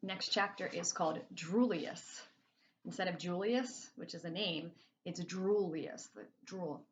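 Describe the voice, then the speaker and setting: A woman's voice: fairly low pitch, measured pace, a little hiss or hum. A woman reading a children's novel aloud in a casual, chatty first-person storytelling way. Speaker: reader. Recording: slightly muffled lo-fi recording.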